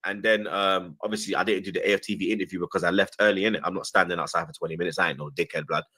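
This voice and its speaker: A young man with a London accent tells an animated story, full of slang, acting out the voices of the people in it. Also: low voice, rapid-fire, slightly rough. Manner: lively, slang-heavy, acts out quoted voices. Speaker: guest.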